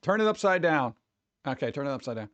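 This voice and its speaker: A man's voice: a little high, sing-song, fast talker, fairly bright tone, dry recording, dull audio. A man chatting casually with his stream viewers, rambling and laid-back, calling everyone "dude.". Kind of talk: casual livestream chat.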